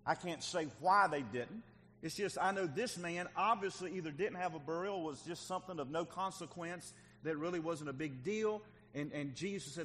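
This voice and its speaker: A man's voice: a little high, fairly bright tone, slight background noise. Earnest preaching man in an echoey hall. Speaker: pastor. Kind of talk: sermon.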